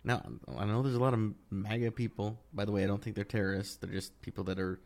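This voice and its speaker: Male co-host, low voice, casual chat, gets heated and restarts his sentences. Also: quick pace. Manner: animated, rising in pitch when worked up, many restarts.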